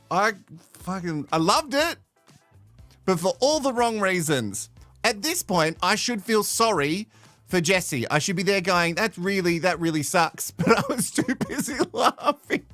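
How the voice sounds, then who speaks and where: A man's voice: high voice, bright, forceful tone, no room sound. A man hosting a live reality-show recap, swearing, sarcastic and laughing often. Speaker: host.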